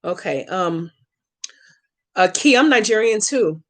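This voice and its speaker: Animated but slow, a woman's mid-range voice carries a casual livestream Q&A and spell tutorial. Acting as a hoodoo practitioner, she banters brashly and with profanity, walking viewers through the spell step by step with slangy emphasis.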